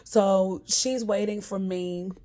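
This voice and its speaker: A woman's voice: mid-range voice, fairly even intonation, takes it slowly, warm tone. A woman hosting a podcast, telling her week's story in a candid, chatty way and talking straight to her listeners. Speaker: podcast host. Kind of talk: casual storytelling monologue.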